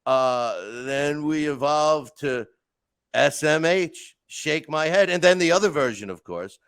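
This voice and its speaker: A man hosting a podcast, talking through casual stories and rants in an animated way with lots of restarts. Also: on the high side, measured pace, clean tone, dry recording. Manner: animated storytelling, frequent restarts and asides. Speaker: podcast host. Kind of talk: casual monologue.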